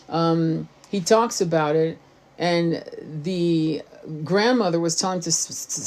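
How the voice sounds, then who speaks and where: A woman's voice: mid-range voice, a little mellow. A woman talking in a casual, blunt monologue, with plenty of swearing and emphatic asides. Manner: blunt, profane, emphatic storytelling. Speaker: tarot reader.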